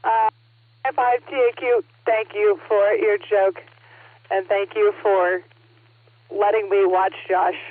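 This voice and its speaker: A woman leads an amateur radio net as net control, teasing the callers playfully. Her voice has a husky, breathy edge. It comes through narrow, phone-like radio audio. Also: medium pitch, no echo. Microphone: radio transceiver microphone.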